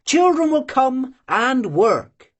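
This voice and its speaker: An audiobook reader voicing a lively, teasing young Cossack girl who gushes and presses her friend with eager questions. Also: high-pitched, slow, voice pushed up, exaggerated voice. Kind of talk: audiobook character voice.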